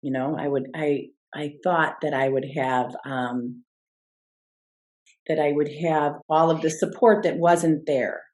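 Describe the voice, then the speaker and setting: A middle-aged woman with a notably low voice, speaking as a guest about her own experiences. She is earnest and reflective, and often restarts her sentences as she works through a thought. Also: steady tone, unhurried, darkish tone. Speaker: guest, life coach. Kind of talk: personal storytelling interview.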